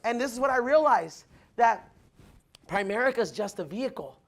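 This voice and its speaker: A man giving a loud, punchy motivational speech to new recruits, asking the crowd if they follow him, with the audience answering back. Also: very high voice, animated, normal speed. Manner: acts out quoted people in changed voices. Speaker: motivational speaker at recruit orientation. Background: audience responding.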